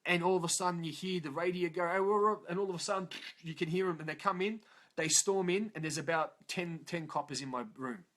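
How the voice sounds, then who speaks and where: Aussie male, emotional first-person storyteller, coarse and unpolished, voice a touch higher than most men. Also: a little fast, a bit bright. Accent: Australian. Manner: raw, profane, emotional, frequent "yeah?" tag questions. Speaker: motivational vlogger.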